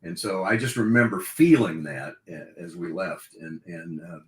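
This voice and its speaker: Older man, deep voice, retired-style play-by-play guy telling rambling stories; roomy sound. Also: moderate pace, a bit bright. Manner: rambling, reminiscing with restarts and laughs. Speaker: guest, longtime radio play-by-play broadcaster. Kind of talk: casual podcast interview, storytelling. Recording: echoey room.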